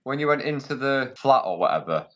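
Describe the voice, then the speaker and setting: A man hosting an interview, asking casual questions and offering gentle, reassuring prompts. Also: mid-range voice, sing-song, fairly quick. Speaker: interviewer host.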